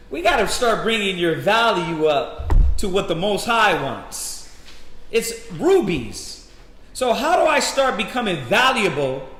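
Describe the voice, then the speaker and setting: A man preaching and teaching a scripture class in an animated, preachy way. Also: sits high. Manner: animated, preachy, acts out quotes. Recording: echoey hall.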